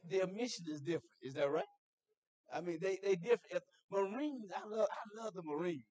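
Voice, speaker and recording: A middle-aged man preaching in a church as a guest chaplain, telling stories conversationally, asking the congregation questions, and building up to shouted preaching. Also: sits high, normal speed, dry recording. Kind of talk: sermon.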